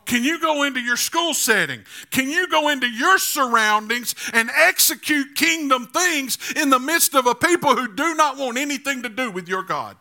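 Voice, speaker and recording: A man's voice: very high voice, animated, normal speed, few pauses, pushed and bright. A man preaching a sermon as pastor, building to emphatic, repetitive declarations. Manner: repetitive rhetorical phrasing.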